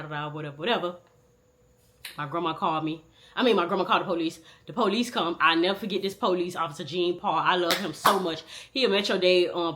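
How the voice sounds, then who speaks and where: A young woman tells a raw personal story in loose, slangy talk. Her voice is bright and forward, and it jumps between loud bursts and low, muttered asides.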